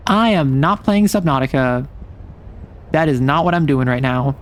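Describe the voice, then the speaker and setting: A man with a mid-range voice, lively intonation and normal pace streams a game, commenting casually as he plays. He's playful and chatty, reacting to everything with big, exaggerated responses.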